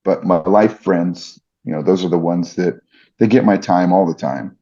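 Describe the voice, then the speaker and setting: Middle-aged guy on a podcast, low husky voice, dark tone, kinda muffled lo-fi audio. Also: normal speed. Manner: earnest, reflective, many restarts. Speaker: podcast guest, fight announcer. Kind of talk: casual interview storytelling.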